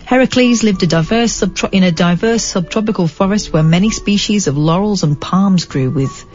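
A woman's voice: mid-range voice, normal speed, a little mellow, muffled recording, faint music behind. Wry woman radio host. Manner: chatty and wry, with asides and mock-dramatic emphasis. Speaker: late-night radio host. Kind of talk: talk radio, reading news aloud. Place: radio studio. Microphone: studio microphone.

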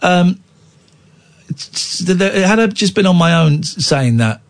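A man in his forties hosts late-night talk radio. His pitch swings about animatedly as he rambles and teases his co-host and callers. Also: animated, measured pace. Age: 40s. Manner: rambling, playful and teasing.

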